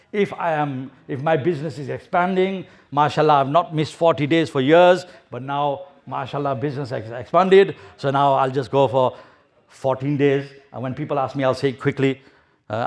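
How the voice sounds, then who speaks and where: A man's voice: mid-range voice, normal speed. A man preaching a sermon, telling a story with acted-out voices and urging his listeners. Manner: storytelling, acts out voices, exhorting. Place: mosque hall.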